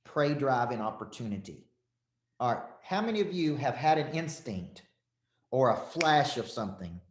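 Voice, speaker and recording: Male coach, mid pitch, punchy repetitive stage talk to a crowd, roomy echo. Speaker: motivational coach. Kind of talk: live motivational talk to an audience. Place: event room with audience.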